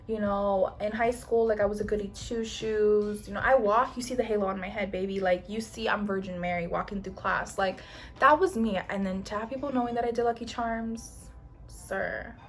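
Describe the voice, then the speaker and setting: A young woman chatting casually while doing her makeup, telling a long story in an animated, slangy way, swearing often and acting out other people's lines. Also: medium pitch, moderate pace, faint music behind. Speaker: beauty vlogger. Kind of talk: get-ready-with-me storytime.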